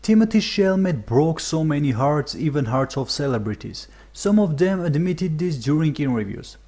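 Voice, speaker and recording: A man's voice: fairly high pitch, sing-song, moderate pace, warm tone, soft background music. A man narrating a video compilation in plain, slightly broken phrasing. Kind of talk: scripted narration.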